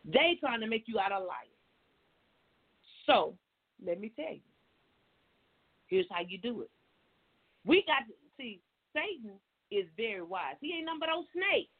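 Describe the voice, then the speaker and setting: A woman life coach, her voice a little high and breathy, speaks very animatedly at a measured pace with long pauses. She tells viewers a story in a chatty, folksy way and drifts into emphatic, faith-based preaching, all on a tinny, phone-like recording.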